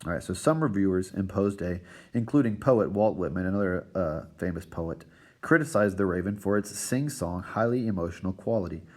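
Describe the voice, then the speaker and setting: A man's voice: deep voice, expressive, brisk. A man teaching a recorded literature lesson to his students, checking in with "right?" and "all right" after nearly every point.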